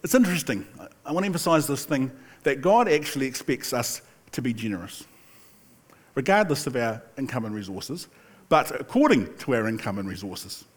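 An older man delivers a sermon as if telling stories among friends, easygoing and conversational. His voice sits in an ordinary middle pitch, and he breaks off now and then for a laugh or an aside. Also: sing-song, a little fast. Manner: chatty storytelling with laughs and asides. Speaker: pastor.

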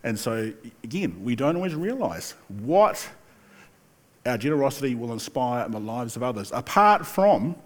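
An older man preaching a sermon in a relaxed, chatty storytelling way, with asides and the occasional laugh. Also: medium pitch, moderate pace. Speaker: pastor.

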